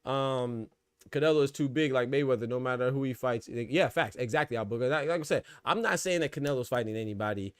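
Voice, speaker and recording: A man's voice: mid-range voice, fast, clear, resonant tone, dry recording, clean studio sound. A man hosting a casual boxing podcast livestream, talking loosely in slang and laughing often. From Florida.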